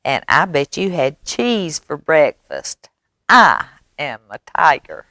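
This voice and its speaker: A woman voicing a boastful, cocky little male mouse in a picture book, with a squeaky, gloating voice. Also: huge pitch swings, slow pace, bright, forceful tone, no echo, clean studio sound, heavily acted.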